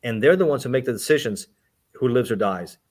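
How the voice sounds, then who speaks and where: A man's voice: mid-range voice, animated, fairly quick. A man hosting a casual interview who mostly gives short, sympathetic replies. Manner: brief, sympathetic reactions.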